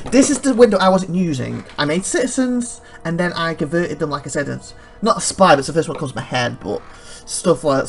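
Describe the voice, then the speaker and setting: A man commenting on his own strategy game, thinking aloud and rambling fast with a dry throat he keeps clearing. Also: mid-range voice. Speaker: let's play host. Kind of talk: gameplay commentary.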